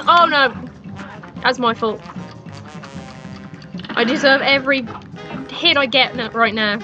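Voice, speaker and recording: Young woman ranting thru a game at home, high squeaky voice, kinda muffled mic. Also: measured pace, pauses often, over music. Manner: excitable, swearing, loud outbursts. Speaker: gaming streamer. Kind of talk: let's play commentary. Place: home room.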